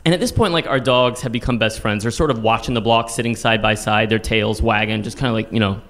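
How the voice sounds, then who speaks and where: A man from Texas telling a personal story on stage, animated and self-deprecating, his voice leaping high when he acts out his own panic. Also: fast talker. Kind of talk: live personal storytelling monologue.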